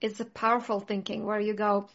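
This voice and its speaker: A woman's voice: medium pitch, little pitch movement, fairly quick, creaky, fairly bright tone, muffled recording. A woman in casual conversation, talking earnestly and reflectively, with many "like" fillers. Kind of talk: casual chat.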